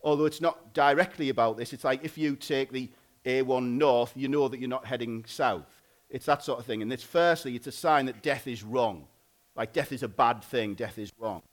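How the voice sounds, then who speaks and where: A married man preaching a sermon in a loose, conversational way, often pausing and restarting. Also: mid-range voice. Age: adult, married. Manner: informal, conversational, frequent "like" and restarts.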